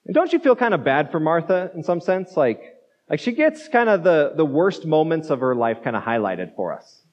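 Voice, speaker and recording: A pastor with a slightly high, very animated voice gives a conversational sermon at normal speed, repeating words as he goes and acting out the quotes. The sound is dull and muffled, recorded in a reverberant hall.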